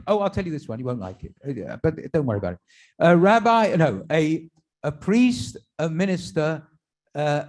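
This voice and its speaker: Male rabbi, stand-up joke teller, fairly high and lively voice, halting delivery with German asides. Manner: animated storyteller slipping into German and Yiddish phrases for characters; halting, restarts and fillers between jokes. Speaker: rabbi telling jokes. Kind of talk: stand-up joke telling at a tribute. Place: synagogue event.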